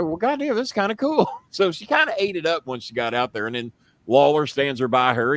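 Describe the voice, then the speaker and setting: A man hosting a live show, telling a story in a casual, profane way and getting loud when he quotes himself. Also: medium pitch, no room sound. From United States. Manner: profane, animated, shouts when quoting himself. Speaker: host.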